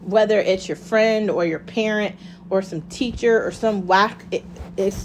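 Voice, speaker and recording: A woman's voice: mid-range voice, measured pace, slight background noise. Impassioned woman ranting casually. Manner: impassioned, swears freely, rhetorical questions. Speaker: vlogger. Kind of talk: casual monologue.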